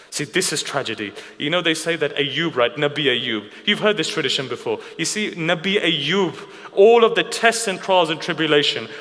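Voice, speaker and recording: A man delivering an emotional religious sermon, telling stories with many rhetorical questions. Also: fairly high pitch. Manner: emotional, rhetorical questions, drops to a hushed weeping tone. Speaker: speaker at a mourning gathering. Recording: reverberant hall.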